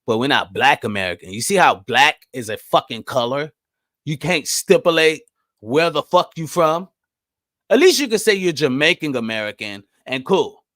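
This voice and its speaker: A man in his thirties hosting a podcast alone, answering live chat in blunt, profane talk that jumps loud and high when he gets riled. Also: sing-song, moderate pace, dry recording. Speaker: podcast host. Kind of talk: casual solo commentary reading live chat.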